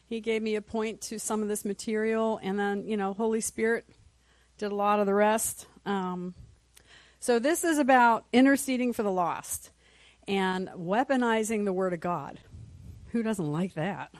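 A woman's voice: mid-range voice, moderate pace, no echo. A woman teaching a Sunday school class in a conversational way, asking the class questions and often adding "right?". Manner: clears throat often.

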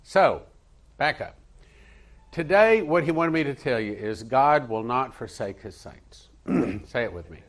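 A pastor preaching a sermon and praying in church, earnest, leading the congregation to repeat lines after him. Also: male voice, mid-range voice, lively intonation, unhurried. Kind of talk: sermon with prayer.

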